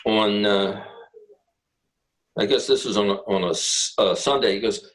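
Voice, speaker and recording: A man's voice: medium pitch, lively intonation, moderate pace, poor audio. A middle-aged man, a guest guitarist, telling rambling anecdotes in a casual interview, with many fillers and restarts.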